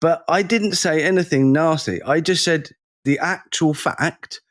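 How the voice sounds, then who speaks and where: Animated man telling a story. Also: fairly high pitch, measured pace, dry recording, clean studio sound. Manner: animated storyteller, acts out the people in his stories. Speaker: podcast co-host. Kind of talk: casual podcast chat.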